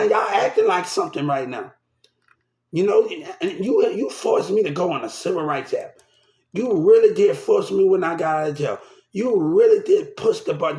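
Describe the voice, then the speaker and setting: A man's voice: sits high, a little mellow, roomy sound. An upset man ranting to the camera, agitated and repeating himself, shaken and swearing. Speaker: vlogger. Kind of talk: angry rant to camera.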